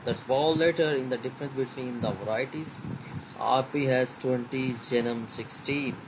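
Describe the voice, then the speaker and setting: A man giving a recorded slide lecture, reading haltingly with many fillers and switching into Hindi to explain. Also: mid-range voice, noisy background.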